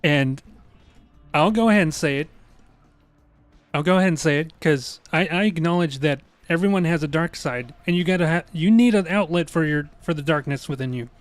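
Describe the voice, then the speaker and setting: A man's voice: fairly high pitch, normal speed, dry recording, soft background music. A man commenting casually on a live game stream, talking to his chat. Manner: chatty, laughing, talks to chat.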